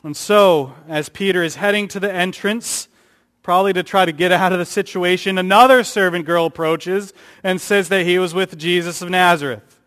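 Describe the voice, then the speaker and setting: A man's voice: fairly even intonation, normal speed, a bit bright. A man preaching a sermon, who raises his voice for emphasis and acts out the quotes he reads. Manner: rises in pitch and volume for emphasis, acts out quotes. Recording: long hall reverb.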